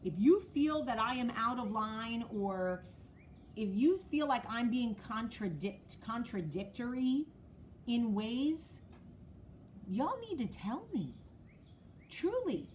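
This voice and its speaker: A middle-aged woman from New Jersey talks straight to her viewers, blunt, profane and fired up. Her voice sits high, and the stream audio sounds muffled and lo-fi, with a faint hiss behind it. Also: big pitch swings, a little slow. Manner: blunt, profane, fired-up, talking to commenters by name. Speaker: vlog host. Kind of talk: casual live-stream talk to viewers.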